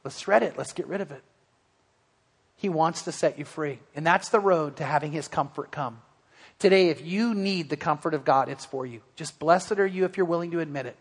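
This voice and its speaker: A man with a high voice preaches a sermon in a church sanctuary. He tells his story earnestly, often restarting his sentences, and his voice rings with a long hall reverb. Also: brisk, slightly rough. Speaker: pastor.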